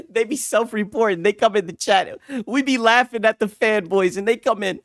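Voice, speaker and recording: A man's voice: sits high, moderate pace, few pauses, no room sound, clean studio sound. A man hosting a casual gaming livestream, mocking his audience with frequent laughter and profanity. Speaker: gaming commentary streamer.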